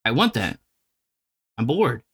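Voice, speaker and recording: A man's voice: medium pitch, big pitch swings, slow pace, gravelly, a bit bright, slightly rough, dry recording, clean studio sound. A man doing an improvised comedy skit, upbeat and eager, playing along with the bit.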